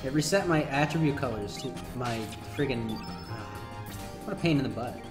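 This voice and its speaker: A man's voice: medium pitch, expressive, normal speed, over music. A man giving casual, playful, offhand commentary while playing a video game. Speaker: gameplay commentator. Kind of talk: casual let's-play commentary.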